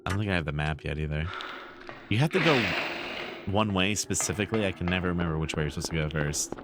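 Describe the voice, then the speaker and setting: A man's voice: deep voice, expressive, fast, heavy background noise. A man streaming a horror game, chatting casually and rambling as he plays, swearing now and then and trailing off mid-thought. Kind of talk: casual gameplay commentary.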